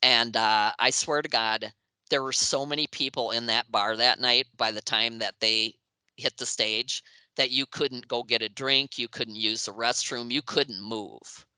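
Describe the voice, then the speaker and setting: Woman, 60s, interview guest; bright, forceful voice, dry close sound; lively storyteller who mimics others. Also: a bass voice, a little slow, smooth, no room sound, rough recording. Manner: lively, acts out quoted voices, laughs often. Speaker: interview guest, music writer.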